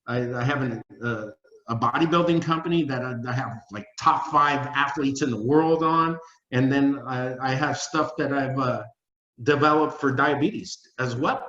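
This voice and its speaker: A man's voice: medium pitch, fairly bright tone. A man on a video call talking in a rambling, emotional way and repeating his words, full of restarts. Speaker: company spokesman. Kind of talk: casual video-call talk. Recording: roomy dull video-call audio.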